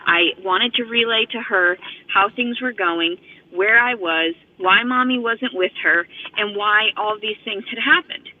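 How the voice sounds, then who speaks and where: A woman's voice: mid-range voice, unhurried. Woman vlogger, profane rambling rant, slightly out of breath, thin phone-line audio. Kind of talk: rambling monologue to camera. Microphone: phone camera.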